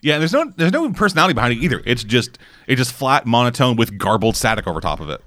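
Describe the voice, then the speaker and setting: A man's voice: mid-range voice, big pitch swings, a bit bright, no echo, clean studio sound. A man riffing sarcastically in casual chat, swearing freely. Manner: fast, profane, sarcastic riffing.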